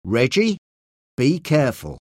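A man's voice: medium pitch, huge pitch swings, unhurried, a little mellow, dry recording, studio quality. A man voicing a stern, protective male judge in a storybook reading, speaking firmly and with authority. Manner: firm, commanding.

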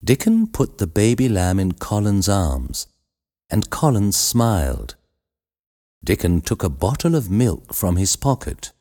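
Deep husky guy reading a kids story, slow and singsongy. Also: wildly swooping pitch, dark tone. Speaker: narrator. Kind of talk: storybook narration.

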